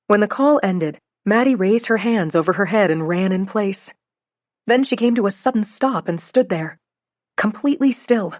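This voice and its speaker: A woman reading a novel aloud as an audiobook narrator, in an expressive, steady storytelling way. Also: medium pitch, normal speed, dry recording, clean studio sound. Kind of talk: scripted narration.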